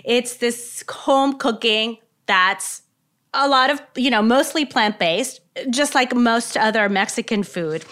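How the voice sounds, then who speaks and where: Bright-voiced woman podcast co-host. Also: fairly high pitch, slow. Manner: explanatory, uses many fillers. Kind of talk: casual chat.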